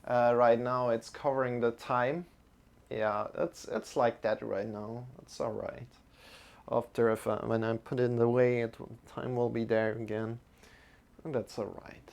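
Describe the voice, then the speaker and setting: Guy leading a yoga class, super slow easy talk, gentle and encouraging. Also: mid-range voice, flat delivery, gravelly. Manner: gentle, encouraging, with laughs and restarts. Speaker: yoga teacher. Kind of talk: guided yoga and mantra lesson.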